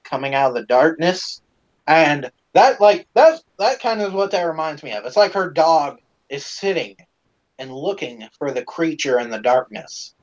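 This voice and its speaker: A man hosting a live stream, casually telling stories to fans in an animated, profane way with lots of fillers. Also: fairly high pitch, dull audio.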